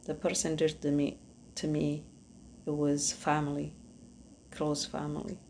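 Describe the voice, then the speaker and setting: An Ethiopian woman with an Ethiopian accent speaks in a low, steady, gravelly voice with vocal fry. As a podcast host she shares earnest personal testimony, halting as she searches for words, with faint background noise.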